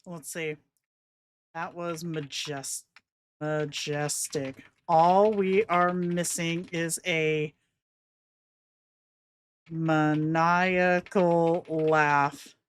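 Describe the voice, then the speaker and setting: A woman's voice: low voice, fairly even intonation, extremely slow, long pauses, smooth. A woman hosting a casual live stream, giggly and enthusiastic as she talks to her viewers.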